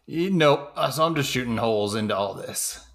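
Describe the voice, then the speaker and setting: A man's voice: mid-range voice, lively intonation, normal speed, vocal fry, fairly bright tone. A man co-hosting a podcast, chatting casually about a film and often laughing and chiming in with quips. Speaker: podcast co-host. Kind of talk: casual film recap chat.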